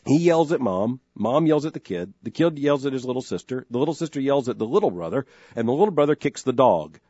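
A middle-aged man hosts a call-in radio show in a mellow, dark voice, talking earnestly and circling back on his phrases as he builds a point. The sound is dry and a little dull, like a broadcast studio feed. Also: mid-range voice, expressive, no echo. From Florida, US. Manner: earnest, measured, repeats himself when starting a thought. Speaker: radio talk show host.

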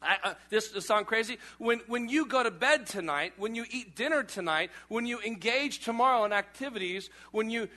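A man in his thirties, a pastor preaching a lively, joking sermon in a conversational way. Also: high-pitched, moderate pace, few pauses. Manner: animated, conversational preaching with jokes.

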